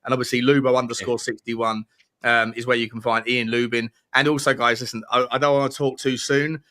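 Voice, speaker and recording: A young man hosting a livestream, energetic and rambling with restarts. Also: mid-range voice, brisk. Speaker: livestream host. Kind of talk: casual livestream chat.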